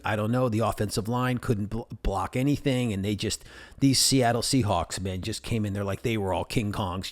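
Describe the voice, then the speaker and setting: A middle-aged man from New England talks through a solo podcast in a loose, rambling way. His voice sits somewhat low, and he drifts into jokes and asides. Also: a little mellow. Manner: rambling, jokey, talks to his stuffed animals. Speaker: podcast host. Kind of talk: casual solo podcast monologue.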